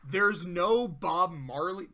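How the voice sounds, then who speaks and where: A man talking casually as he reviews cartoon episodes, excited, swearing a lot and breaking into laughter. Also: high-pitched, slow, heavy background noise. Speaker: video reviewer. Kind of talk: casual commentary.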